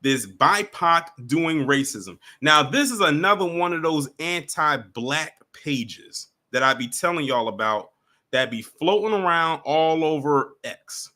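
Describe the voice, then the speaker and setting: A man's voice: on the high side, expressive, measured pace, bright, forceful tone. A man giving casual commentary straight to his viewers, emphatic and repeating his points. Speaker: commentary vlogger.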